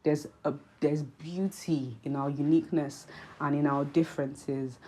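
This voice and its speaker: A young woman vlog host with a Nigerian accent touched by British speech, talking to camera in an earnest, reflective way with many pauses and ums. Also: low-pitched, steady tone, dark tone, husky, rough recording. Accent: Nigerian with British influence. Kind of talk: casual commentary to camera.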